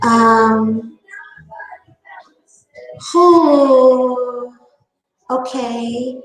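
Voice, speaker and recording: High-voiced sarcastic woman livestreaming. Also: slow, long pauses, roomy sound, faint music behind, poor audio. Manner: sarcastic, laughs often, talks to chat. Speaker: livestream host. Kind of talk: casual livestream chat.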